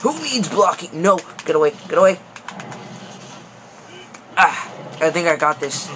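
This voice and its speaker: Excitable young man, panicky game commentary. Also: fairly high pitch, normal speed, pauses often. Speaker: gaming video host. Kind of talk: gameplay commentary. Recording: noisy background.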